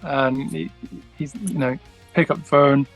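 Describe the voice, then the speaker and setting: A man's voice: a little high, fairly even intonation, measured pace, faint music behind. Rambling man telling a story. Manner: rambling, many restarts and fillers, acts out quoted dialogue. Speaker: guest musician. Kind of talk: casual storytelling interview.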